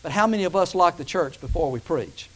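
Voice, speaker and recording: Emphatic high-voiced preacher man. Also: expressive. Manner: rising to emphatic peaks, drawn-out key phrases. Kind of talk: sermon.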